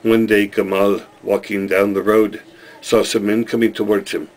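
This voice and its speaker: A man talks to the camera in a rambling, jokey way and chuckles at his own lines. His voice sits on the low side. He also slips into an easy storytelling mode. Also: level tone, moderate pace. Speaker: video blogger. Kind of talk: casual comedic vlog and storytelling.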